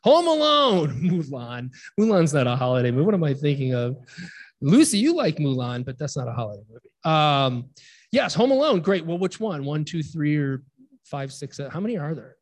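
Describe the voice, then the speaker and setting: A man in his forties preaches in a loose, conversational way, trading quick jokes with the people in the pews. His voice sits a little higher than most men's. He leads prayer in the same easygoing, unpolished tone. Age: 40s. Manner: relaxed, chatty, jokes with the congregation. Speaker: pastor. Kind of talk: informal sermon with congregation banter.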